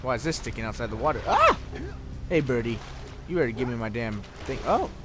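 A young man giving casual, rambling gameplay commentary, swearing and getting excited, over game music. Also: mid-range voice, fast talker. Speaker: let's play gamer. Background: video game music.

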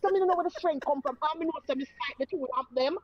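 A woman's voice: sits high, racing, no room sound, highs cut off. A woman with a Jamaican accent tells her own story in casual talk and acts out the voices of the people in it. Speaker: guest telling her story.

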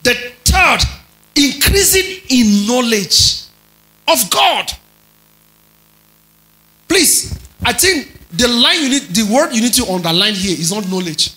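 A man preaching a teaching sermon, stretching and stressing key words, rising to loud emphasis and checking in with his listeners. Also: extremely high pitch, expressive, slow, long pauses, rough recording. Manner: checks in with listeners, tells them to underline words.

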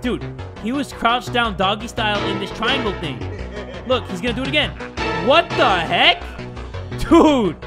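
A man giving excitable, jokey let's play commentary, with sudden yelps and casual swearing. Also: sits high, brisk. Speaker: gaming YouTuber. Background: game music.

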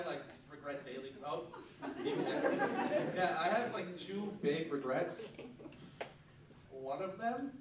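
A young man doing a stand-up set, telling self-deprecating stories in a rambling, filler-heavy way, recorded live on a club stage. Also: a little high. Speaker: stand-up comedian. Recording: very roomy live club audio, distant, loud background noise. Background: audience laughter.

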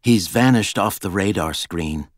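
A man reading an audiobook who voices a female Secret Service agent, calm, measured and firm. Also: low voice, no echo, clean studio sound.

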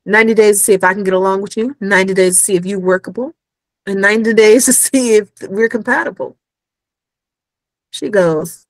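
A woman's voice: mid-range voice, a little fast, no room sound, rough recording. A woman with a Caribbean accent, a podcast guest telling a personal story in casual chat and acting out the dialogue. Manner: animated, acts out quoted dialogue. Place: Los Angeles.

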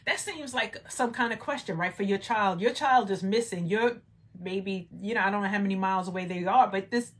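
Reading scripture aloud and talking it through, this Bible study leader keeps a conversational manner, sprinkling in "right?" asides and building to emphatic exclamations. Her voice is medium-pitched, a bit bright, and moderately paced.

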